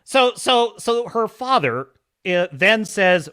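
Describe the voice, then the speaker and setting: A man's voice: high-pitched, sing-song, slow, sharp tone, smooth. A man hosting a live show, mockingly reviewing a film with frequent laughter and acted-out scenes. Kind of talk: sarcastic film review rant.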